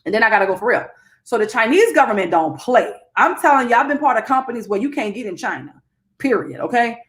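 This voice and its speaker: A woman, hosting a casual livestream and talking straight to her viewers, animated and chatty, calling them "baby" and "y'all". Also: fairly high pitch, quick pace. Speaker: livestream host and crypto educator. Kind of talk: casual live-stream talk to viewers.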